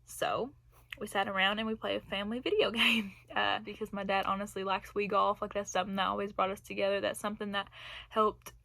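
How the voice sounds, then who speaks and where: A woman's voice: mid-range voice, level tone, fairly quick, gravelly, pushed and bright, dry recording. A young woman telling a personal story in a casual vlog, rambling and laughing between phrases. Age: young adult. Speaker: vlogger.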